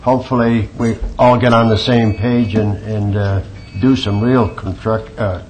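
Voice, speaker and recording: A man's voice: on the low side, fairly even intonation, unhurried, darkish tone, slight background noise, rough recording. A man from a nonprofit giving a blunt, emphatic public comment at a council meeting.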